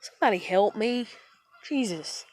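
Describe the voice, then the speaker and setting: A woman's voice: mid-range voice, lively intonation, moderate pace, darkish tone, dry recording. A woman in her thirties venting to her viewers in a frustrated, stressed vlog, swearing often and sighing wearily. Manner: swearing, exasperated, trailing off into weary sighs. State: upset and stressed. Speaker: vlogger. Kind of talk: frustrated personal vent to camera.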